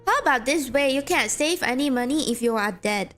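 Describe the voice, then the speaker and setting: A woman's voice: high voice, lively intonation, brisk, fairly bright tone. A woman streamer chatting casually with her viewers while playing a game, rambling and full of "like". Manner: chatty, rambling, reacts to chat with restarts and "like". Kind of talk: casual livestream chat. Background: game music.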